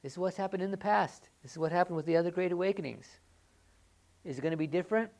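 A woman preaching a sermon in a church, moving between loud, excited rhetorical questions and quiet, earnest appeals. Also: fairly low pitch, fast.

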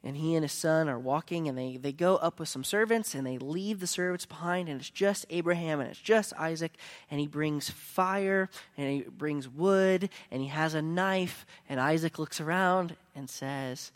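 A man preaching a sermon as a pastor, telling a story that swings between hushed lines and emphatic ones. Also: a little high, normal speed.

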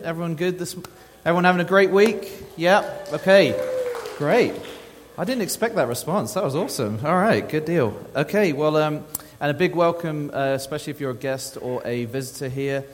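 A man's voice: on the high side, long reverb tail. A man from England with an English accent, a guest pastor giving a chatty, cheerful sermon and leading prayer in a church. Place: church sanctuary.

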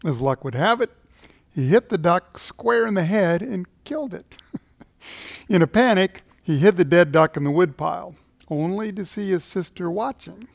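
A man's voice: high voice, animated, normal speed, creaky. A male pastor telling a story in a sermon, chuckling at his own tale.

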